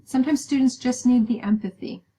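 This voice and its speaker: A woman's voice: a little high, fairly quick, mellow, poor audio. A woman giving a recorded lecture, explaining step by step with many "um"s and "right?" checks. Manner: explaining with frequent "um" and "right?" tag questions.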